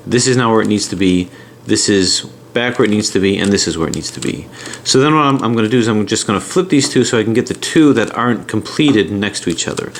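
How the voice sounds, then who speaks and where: Chatty American man, lowish voice. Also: a little hiss or hum. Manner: chatty, talks while handling puzzles. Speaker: puzzle channel host. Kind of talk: casual tutorial and unboxing.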